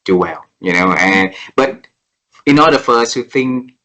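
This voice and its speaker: A man's voice: mid-range voice, lively intonation, measured pace, sharp tone, poor audio. A man hosting an interview, encouraging his guest with short affirmations and thanks. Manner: supportive, with frequent short affirmations. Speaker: interview host. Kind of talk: conversational interview.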